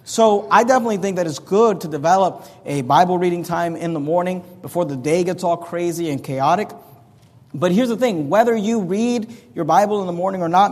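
A pastor explains scripture in a sermon, speaking earnestly and plainly and frequently restarting his phrases. His voice is high with a darkish tone, and the long reverb of a large hall surrounds it.

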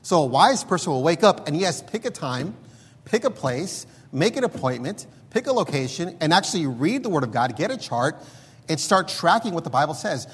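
A man's voice: fairly high pitch, big pitch swings, moderate pace, husky, big-room sound. A man preaching a sermon, reading scripture aloud in an emphatic, pleading way.

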